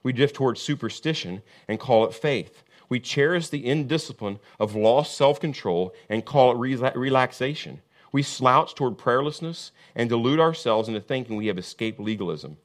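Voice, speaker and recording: Male pastor, sermon delivery, impassioned and repetitive, wide pitch swings between booming and hushed. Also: expressive, normal speed, hardly any pauses. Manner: preaching with big swings from booming emphasis to hushed intensity.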